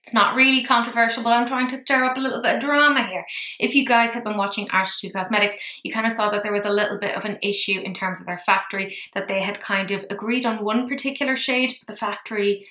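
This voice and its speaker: A woman's voice: a little high, fairly even intonation, fast, sharp tone, roomy sound. A woman with an Irish accent, chatting her way through a makeup tutorial in a rambling, self-deprecating manner. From Ireland. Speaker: makeup vlogger.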